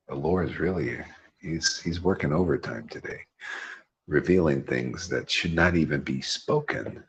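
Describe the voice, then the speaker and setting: An extremely deep, slightly rough male voice with the highs cut off. He hosts a devotional class, preaching informally in a rambling, emphatic manner and laughing often.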